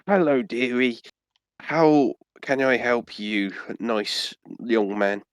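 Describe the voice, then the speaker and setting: A fussy, doting old granny stallkeeper from a tabletop game, her voice pitched up and soft, slow, drawn-out words, as a man puts her on. Dry close sound. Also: smooth, dry recording, close to an everyday voice.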